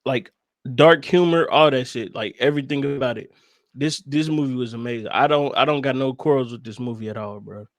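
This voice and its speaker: A man's voice: mid-range voice, a little fast, no room sound, clean studio sound. A man co-hosting a podcast, talking animatedly and profanely about a movie and laughing often. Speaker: podcast co-host. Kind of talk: casual movie review chat.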